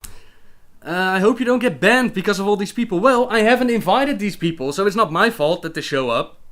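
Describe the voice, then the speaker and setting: Chatty Dutch-accented man, slightly high. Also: lively intonation, fairly quick, fairly bright tone. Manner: reads viewer questions aloud and answers chattily, with frequent laughs. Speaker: livestream host answering chat questions. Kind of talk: casual livestream Q&A.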